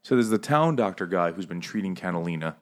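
A man's voice: deep voice, animated, fast. A man co-hosting a casual book podcast, swearing freely and acting out characters as he recaps. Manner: profane, jokey, acts out characters in quotes. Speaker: podcast co-host. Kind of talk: casual book-club chat.

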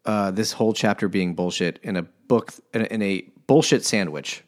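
A man with a somewhat low voice, co-hosting a casual, joking book podcast. He sounds exasperated and talks in broken, restarted phrases. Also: normal speed. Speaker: podcast co-host. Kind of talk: casual comedic book chat.

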